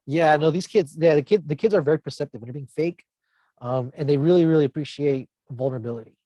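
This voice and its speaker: A middle school teacher co-hosting a casual podcast tells rambling anecdotes, shifting his tone to act out what his students said. His voice is fairly high, fast and mellow, with no echo.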